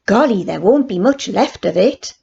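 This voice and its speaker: An older woman reading aloud, voicing an excited schoolboy with eager exclamations. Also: mid-range voice, moderate pace, gravelly, slightly rough, muffled recording, full character voice.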